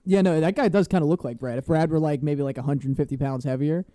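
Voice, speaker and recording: A young man co-hosting a casual podcast chat, animated and laughing, calling his friends dude. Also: a little high, fast, no echo. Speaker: podcast co-host.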